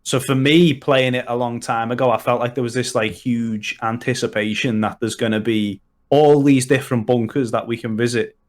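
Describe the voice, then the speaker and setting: A man from Liverpool, England, with a Liverpool accent, chats at length as a guest on a casual podcast. He's long-winded, full of restarts and fillers, though his mid-range voice holds a steady tone at a moderate pace with few pauses.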